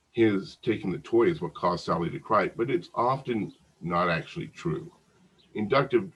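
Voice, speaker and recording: A man's voice: sits low, husky, lo-fi sound. A man teaching a psychology lecture in a conversational way, often restarting and repeating words. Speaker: psychology instructor. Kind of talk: recorded lecture.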